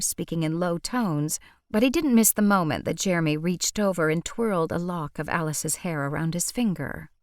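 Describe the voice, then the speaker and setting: A woman with a low, close voice narrates an audiobook in a measured, wry manner. The sound is dry and near, with no room around it. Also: dry recording. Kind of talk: scripted narration.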